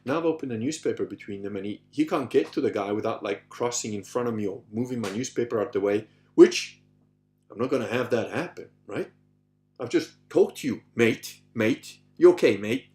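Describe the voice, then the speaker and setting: Guy rambling through a story on his podcast, keeps restarting, says you know a lot, middle-of-the-road pitch. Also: brisk. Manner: animated, acts out voices in his stories. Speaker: podcast host answering listener questions. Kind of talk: casual storytelling monologue.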